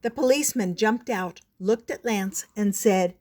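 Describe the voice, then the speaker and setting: Older lady reading a kids book, real slow, gentle, expressive. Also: medium pitch. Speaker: storyteller. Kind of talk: reading a picture book aloud.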